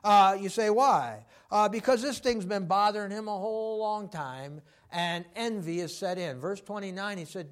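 A man preaches a sermon in a high, light voice. He talks with lots of fillers and acts out the voices of the people he quotes, swinging between loud and soft. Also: normal speed, few pauses.

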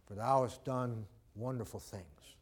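At medium pitch and a little slow, with a breathy edge, a preacher shares something from his own life in a sermon. He talks conversationally, performing the dialogue of those he quotes.

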